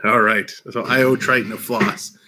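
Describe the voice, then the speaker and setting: A man with a bright, clear-edged voice hosts a relaxed live stream, chatting with a rambling, excited flow and frequent laughter. He talks into a headset mic from a small room at home. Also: fairly low pitch, normal speed. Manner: laughs often, rambling and enthusiastic. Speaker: livestream host. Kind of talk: casual live-stream chat.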